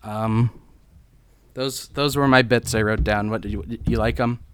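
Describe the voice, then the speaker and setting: A man's voice: lowish voice, steady tone, measured pace, fairly bright tone, slight background noise. A man hosting a podcast, telling rambling, crude, absurd comedy bits in casual chat. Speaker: podcast host.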